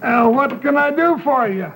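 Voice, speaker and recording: A shifty ex-judge running a newspaper in an old western film. He talks hesitantly and defensively in a fairly high voice. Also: expressive, moderate pace, gravelly, noisy background, heavily acted. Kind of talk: 1970 western film acting.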